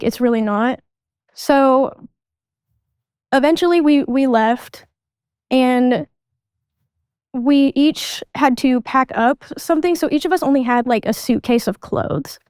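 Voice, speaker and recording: A young adult woman, a podcast guest, recounting her life in a halting way, often restarting sentences and reenacting old conversations. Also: on the high side, a little mellow, clear, resonant tone, no echo. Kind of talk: candid personal storytelling.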